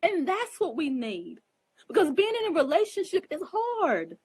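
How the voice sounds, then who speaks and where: This astrologer's high-pitched, slightly mellow voice swings hugely in pitch at a moderate pace, captured in a low-quality recording. Talking casually to her viewers, she gives advice in an earnest, emphatic, preachy monologue, speaks to them directly, shows emotion openly, and often asks whether they understand.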